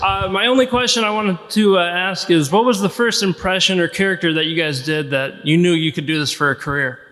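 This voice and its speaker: A nervous, starstruck young man with a bright, high voice earnestly asks his question from the audience. A long hall reverb follows his words. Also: brisk. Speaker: audience member, aspiring comedian. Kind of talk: fan question at a live Q&A.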